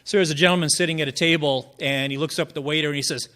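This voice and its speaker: At an open mic, a man tells jokes in a folksy, rambling style full of fillers and chuckles at his own punchlines. His voice sits on the high side with a steady tone, and he races along, sounding pushed and bright.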